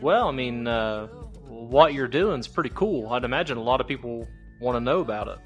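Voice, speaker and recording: A man's voice: mid-range voice, lively intonation, moderate pace. Podcast host, male, Southern Ohio accent, chatty and easygoing, faint music behind. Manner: friendly, laughs often, chatty. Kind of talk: casual podcast interview.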